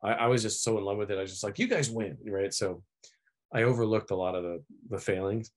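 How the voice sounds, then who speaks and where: Man, middle-aged, very deep voice, relaxed, reflective, filmmaker, casual chat. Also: fast talker, slight background noise. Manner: relaxed, reflective, many "you know" fillers. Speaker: animation filmmaker, guest of honor.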